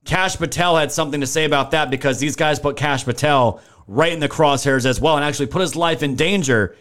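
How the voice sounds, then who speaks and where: A young man with a slightly higher-pitched voice hosts a political livestream. He talks in an indignant, emphatic way, swears freely and reads out viewers' names from the chat to thank them. His delivery is that of casual live commentary. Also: a little fast, a bit bright.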